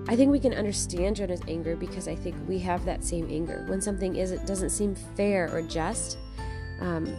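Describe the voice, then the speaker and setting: A woman reading a Bible passage aloud and then teaching on it in a measured, reflective way, putting questions to the listener. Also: fairly low pitch, music in the background. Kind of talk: scripture reading and devotional teaching.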